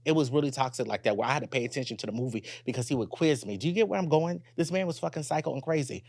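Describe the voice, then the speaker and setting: Animated, profane young man telling a story. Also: medium pitch, very fast, few pauses, no echo, clean studio sound. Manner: animated, candid and profane, addresses listeners directly. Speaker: podcast host. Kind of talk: solo podcast storytelling.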